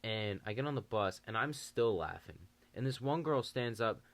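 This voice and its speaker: A young man telling a story on his channel, animated and full of swearing. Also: on the low side, normal speed. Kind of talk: casual storytime.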